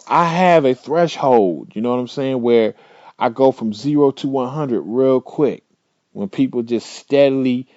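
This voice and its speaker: A man hosting a podcast, telling a story casually in a blunt, profane, animated way. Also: medium pitch, dry recording, dull audio. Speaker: podcast host.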